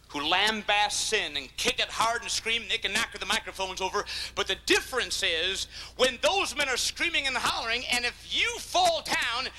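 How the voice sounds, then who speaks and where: Fiery older preacher with a lively, bright voice. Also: male voice, high voice, low-quality recording. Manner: fiery preaching, swinging from quiet asides to shouting. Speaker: pastor. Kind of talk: sermon.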